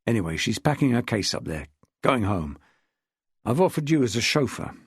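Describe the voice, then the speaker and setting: A man voicing a gruff, blunt middle-aged police detective in an audiobook. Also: mid-range voice, big pitch swings, moderate pace, no echo, voice pushed down. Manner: blunt, dry, growling. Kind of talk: audiobook character voice.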